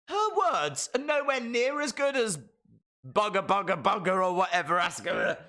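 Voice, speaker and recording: A man streaming a live wrestling watch-along, reacting with jokes and sudden shouted mimicry. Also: sits high, normal speed. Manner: animated, jokey, mimics wrestlers in shouted bits.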